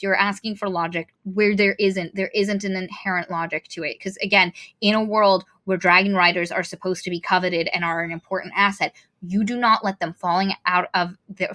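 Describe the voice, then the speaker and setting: A woman co-hosting a podcast, chatting casually about a book, animated and swearing freely while acting out the characters. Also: mid-range voice. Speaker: podcast co-host. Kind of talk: casual book-critique chat.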